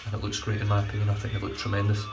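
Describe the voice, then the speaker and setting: In his home bathroom, a shaving vlogger chats casually about a shave, rambling, swearing freely, and correcting himself as he goes in this product review. His voice is on the low side, completely flat and rapid-fire, with music playing in the background.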